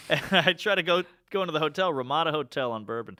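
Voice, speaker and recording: Bright, animated male storyteller. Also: on the high side, quick pace, no echo, studio quality. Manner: animated, acts out quoted lines. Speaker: storyteller guest. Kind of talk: casual comedic storytelling.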